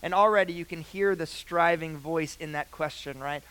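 A young man preaching a sermon, earnest, with loud emphatic phrases that drop to quiet, hushed lines. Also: fairly high pitch, normal speed, clear, resonant tone, rough recording.

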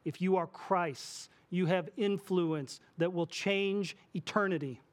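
Male pastor, 40s, high-pitched, lively preaching delivery that slips into quoted voices. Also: slow pace. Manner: animated, acts out quoted voices. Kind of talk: sermon.

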